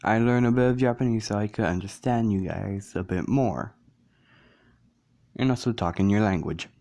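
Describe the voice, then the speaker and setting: A man's voice: lowish voice, normal speed, dark tone, natural voice. A man voicing a teenage boy who poses as a transfer student, read plainly in his own voice without an accent. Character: teen boy hero lying as a transfer student.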